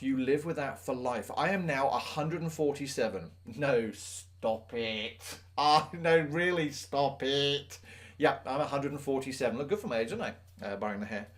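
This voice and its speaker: A man, a teacher, speaks to the camera in a motivational talk. His voice sits at a middle pitch, and he talks earnestly, leaning hard on key words. Now and then he drops in a self-mocking aside.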